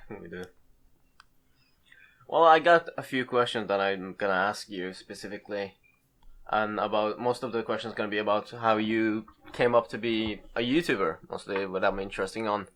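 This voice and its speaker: Young male podcast host, low voice, jokey casual chat. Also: a bit bright. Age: 20s. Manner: joking, laughs often.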